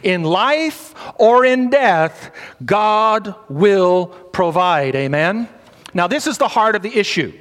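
High-voiced man preaching in a reverberant hall. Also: lively intonation, slow, a bit bright. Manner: emphatic preaching with repeated phrases and audience prompts. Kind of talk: sermon. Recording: long reverb of a large hall.

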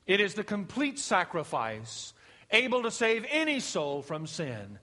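A middle-aged man preaching a sermon, swinging from emphatic rises to hushed, slow passages. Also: sits high, wildly swooping pitch. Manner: emphatic preaching, rising and dropping to a hush. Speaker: pastor. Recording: long hall reverb.

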